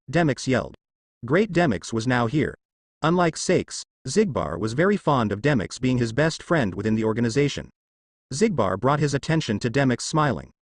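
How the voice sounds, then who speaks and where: A man reads a fan-fiction story aloud, telling it in a steady storytelling manner. His pitch sits in the middle but moves lively up and down. The recording is dry, with no room sound. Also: moderate pace, no room sound. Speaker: narrator.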